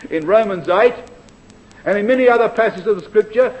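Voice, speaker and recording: A man's voice: high-pitched, fairly quick, darkish tone. A man preaching an expository sermon on scripture, addressing his listeners as brethren and sisters. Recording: dull lo-fi recording.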